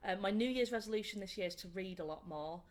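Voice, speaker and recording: A young woman with a Northern English accent, a comedian chatting in a casual interview and telling animated, laughing stories. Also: medium pitch, fast. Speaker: comedian guest. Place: indoor room.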